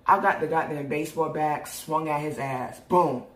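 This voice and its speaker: Animated, cussing young New woman. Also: sits low, moderate pace. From New York. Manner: animated, profane, laughs often. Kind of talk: casual storytelling. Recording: roomy echo.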